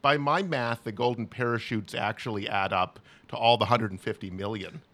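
A man's voice: on the low side, normal speed, fairly bright tone. A man co-hosting a political talk show, explaining the news earnestly with frequent restarts. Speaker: co-host.

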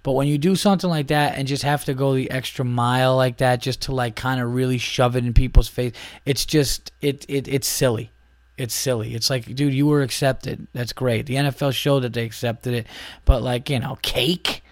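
A man's voice: medium pitch, fairly even intonation, normal speed, no room sound. A man hosting a podcast, ranting in a casual, profane, exasperated way with many restarts. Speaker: podcast host.

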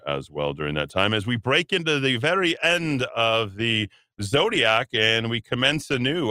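A man's voice: fairly low pitch, pushed and bright, clean tone, no echo. A man hosting a talk radio show, rambling and sardonic, with many fillers and asides. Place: radio studio.

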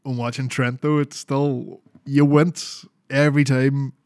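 A man's voice: medium pitch, flat delivery, a little slow, a little mellow, no echo, studio quality. A Scottish man co-hosting a podcast, rambling casually with fillers and the odd swear. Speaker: podcast co-host. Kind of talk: casual chat.

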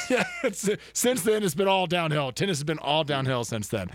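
A man's voice: on the high side, very animated, normal speed. A man, co-hosting a casual sports talk show, joking and trash-talking. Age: 30s. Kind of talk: casual chat.

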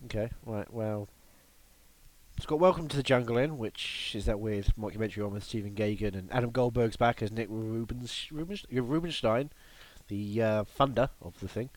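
A British man co-hosting a comedy podcast, rambling and joking in casual chat. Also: normal speed. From United Kingdom. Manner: jokey, rambling, with lively swings in pitch. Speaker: podcast co-host.

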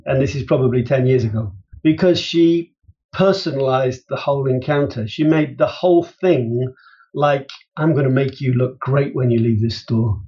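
A man speaking as an interview guest, telling lively stories and acting out quotes with big jumps in pitch. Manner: animated storyteller, jumps high in pitch for emphasis and quotes. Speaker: guest, business author. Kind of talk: conversational interview. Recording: dull lo-fi sound.

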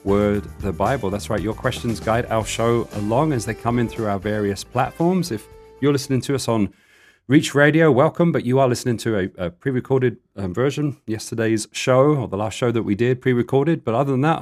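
A man's voice: mid-range voice, fairly quick, a little mellow, soft background music. An American man hosting a live call-in Bible question show, chatty and laughing easily as he talks his listeners through how to reach the program. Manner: chatty, laughs easily, plain friendly delivery.

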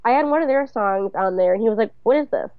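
A woman's voice: medium pitch, animated, fast, clear, resonant tone, no room sound. Rambling young woman, dull dry recording. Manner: rambling, loose, filler-heavy storytelling. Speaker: podcast co-host. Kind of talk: casual chat.

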